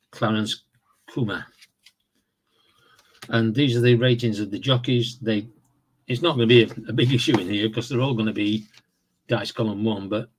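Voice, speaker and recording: Husky man explaining a board game. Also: mid-range voice. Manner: relaxed, rambling explanations with fillers and self-corrections. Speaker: tabletop game reviewer. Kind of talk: casual tabletop game walkthrough.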